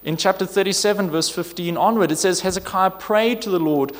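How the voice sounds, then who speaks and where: A man's voice: high voice, a little fast, few pauses, long reverb tail. A man preaching a sermon, earnest and emphatic, reading scripture and pleading with rhetorical questions.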